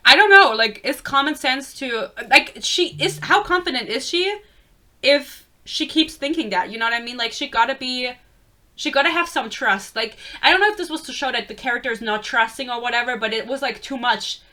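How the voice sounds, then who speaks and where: A woman's voice: sits high, animated, brisk, sharp tone. A woman in her twenties giving a blunt, profane, exasperated book review rant in a casual vlog.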